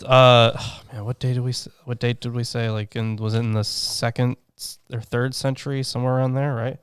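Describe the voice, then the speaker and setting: A man's voice: medium pitch, little pitch movement, fairly quick, smooth, no room sound, clean studio sound. A man co-hosting a casual podcast, reading scholarly commentary and cracking profane jokes. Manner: joking, profane asides, reads scholarly notes. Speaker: podcast co-host.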